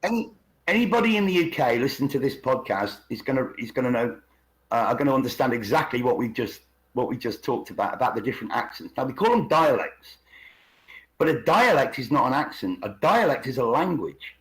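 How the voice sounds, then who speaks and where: A man's voice: medium pitch, big pitch swings, fairly quick, rough recording. A man from England talking casually as a podcast co-host, rambling and repeating words as he explains. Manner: rambling, repeats words, puts on regional accents. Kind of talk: casual conspiracy podcast chat. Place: living in China.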